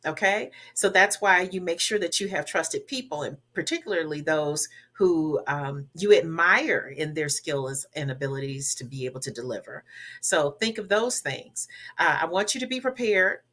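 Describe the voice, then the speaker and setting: A woman from the American South talks as a public speaking coach, her voice lowish and bright with a forceful edge. She lays out advice emphatically and repeats the words she wants to stick. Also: expressive, moderate pace. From Southern United States. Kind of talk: advice in a podcast interview.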